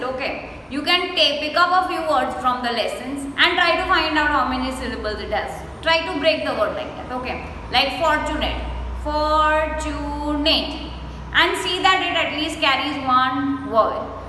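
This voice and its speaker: A woman with an Indian English accent teaching an English lesson slowly. She spells words out letter by letter and draws syllables out. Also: high-pitched, sharp tone. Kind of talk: recorded classroom lesson. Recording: echoey room with faint noise.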